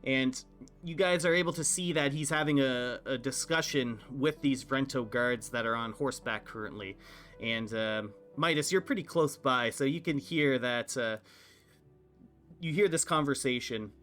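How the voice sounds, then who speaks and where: A man narrating as game master of a tabletop game, halting with many fillers. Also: medium pitch, a bit bright, faint music behind.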